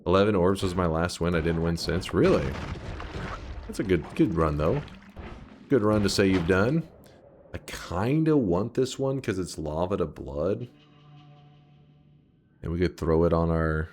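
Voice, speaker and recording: Low-voiced man streaming a game. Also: animated, a little slow, pauses often, darkish tone, soft background music. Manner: rambling, thinks aloud and answers chat. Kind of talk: casual gameplay commentary.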